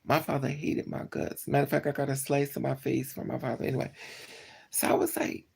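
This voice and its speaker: A streamer tells a story to live chat in a heavy, fry-laden voice with a rough, husky edge. The talk is blunt and full of swearing. They keep repeating and correcting details as they go. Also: medium pitch, flat delivery, a little fast, a little mellow. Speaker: livestreamer.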